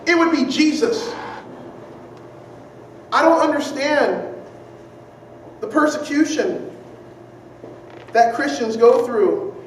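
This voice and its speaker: A preacher delivering a sermon earnestly, repeating key phrases and asking the audience rhetorical questions. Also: high-pitched. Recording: very echoey room, distant mic, faint noise.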